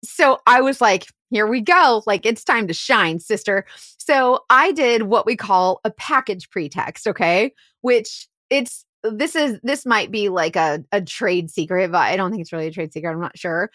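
A woman private investigator telling a case story on a podcast, animated and full of "like". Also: mid-range voice, normal speed, few pauses, dry recording, clean studio sound. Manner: animated, heavy use of "like".

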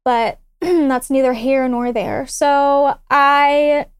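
A woman's voice: high voice, extremely slow, no echo, clean studio sound. A young woman in her twenties, a podcast guest telling a personal story in casual chat and acting out the lines of the people in it. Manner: animated, acts out quoted dialogue.

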